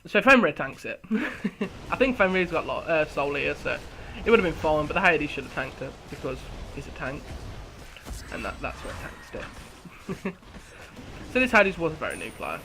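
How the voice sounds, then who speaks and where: A young man, casually commentating over his own gameplay, chatty and quick to laugh at himself. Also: fairly high pitch, sing-song, bright, forceful tone, slight background noise.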